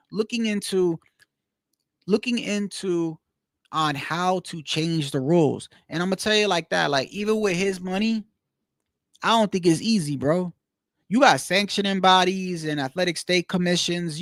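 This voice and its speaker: A man's voice: high-pitched, dry recording, studio quality. A man giving a casual, swearing opinion rant to his viewers, saying "bro" a lot. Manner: animated, swears often, says "bro" a lot. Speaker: boxing commentator.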